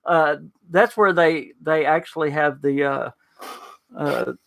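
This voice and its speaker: Southern man with a slightly gravelly voice. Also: a little high, slow, a bit bright, no echo. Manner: chatty storyteller, laughs often, many fillers. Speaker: podcast host and pastor. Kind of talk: casual podcast chat.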